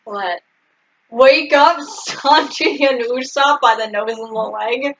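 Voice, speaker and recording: A woman's voice: fairly high pitch, takes it slowly, fairly bright tone, slight background noise. A woman co-hosting a casual recap chat, chiming in with quips and questions. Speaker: podcast co-host. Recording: dull lo-fi recording.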